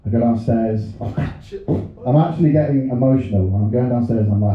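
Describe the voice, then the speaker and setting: A man's voice: medium pitch, normal speed. Man, thirties, stand-up comic, self-deprecating storyteller, very echoey, tinny phone-like sound. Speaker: stand-up comedian. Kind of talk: stand-up set. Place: comedy club stage.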